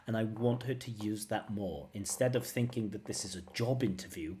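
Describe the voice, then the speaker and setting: A man's voice: on the low side, normal speed, warm tone, a little hiss or hum. A man working as a language test examiner, giving analytical feedback and repeating phrases to model pronunciation.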